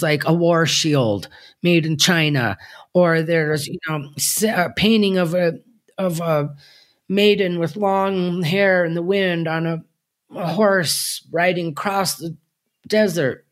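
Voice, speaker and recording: Brief: woman in her fifties, fairly low voice, reflective guest who wanders through her thoughts with lots of fillers. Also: no room sound, studio quality. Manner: thoughtful, rambling with frequent fillers. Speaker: artist guest. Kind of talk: reflective interview talk.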